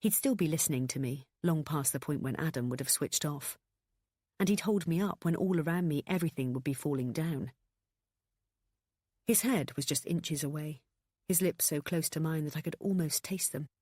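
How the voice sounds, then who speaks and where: Low-voiced woman narrating an audiobook. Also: moderate pace, darkish tone, no echo, studio quality.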